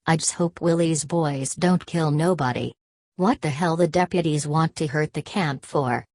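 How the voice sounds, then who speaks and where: A woman's voice: low-pitched, moderate pace, darkish tone, no room sound. A woman reading the lines of a worried male camp committee chairman in a plain folksy drawl.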